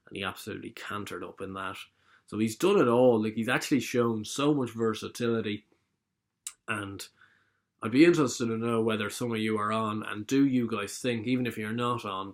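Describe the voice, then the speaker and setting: A man giving his casual, opinionated views on the week's horse racing, often correcting himself mid-sentence. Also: fairly low pitch. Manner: chatty, opinionated, self-correcting. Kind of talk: casual solo racing talk.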